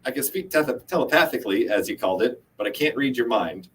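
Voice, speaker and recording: A man's voice: mid-range voice, animated, fast, a bit bright, distant mic, a little hiss or hum, close to an everyday voice. A man voicing a sarcastic enchanted talking guitar, dry and snippy in manner.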